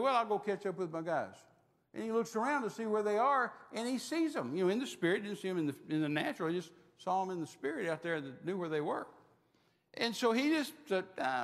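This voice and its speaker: Folksy storytelling preacher, high for a man, long hall reverb. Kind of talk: storytelling sermon.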